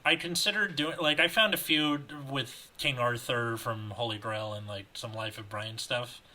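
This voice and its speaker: A man's voice: medium pitch, moderate pace, bright, forceful tone, rough recording. A man co-hosting a podcast, chatting casually and reading a story aloud with small stumbles and self-corrections. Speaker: podcast co-host reading fan fiction aloud.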